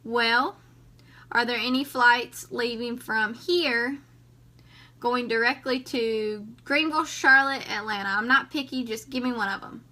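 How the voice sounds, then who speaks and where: A woman's voice: fairly high pitch, unhurried. A woman, a vlogger telling a story casually to her viewers and acting out the dialogue. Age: 20s. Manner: chatty, animated, acts out dialogue.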